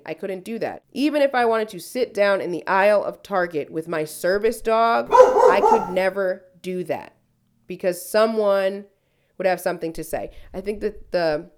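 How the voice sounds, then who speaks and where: A woman's voice: mid-range voice, lively intonation, normal speed. Profane woman podcast host ranting. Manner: profane, heated storytelling rant. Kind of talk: casual storytelling chat.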